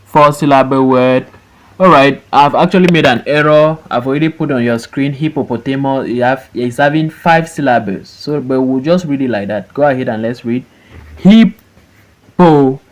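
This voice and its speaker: A man teaching an English phonics lesson, reading words slowly syllable by syllable for students to repeat. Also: mid-range voice. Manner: slow and deliberate, stretching words out syllable by syllable.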